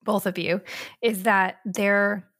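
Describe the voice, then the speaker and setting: A woman's voice: mid-range voice, little pitch movement, takes it slowly, a bit bright. A woman in her thirties, a mother co-hosting a parenting podcast, speaking earnestly in repeated, list-like phrases. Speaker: podcast co-host. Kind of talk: casual parenting podcast chat.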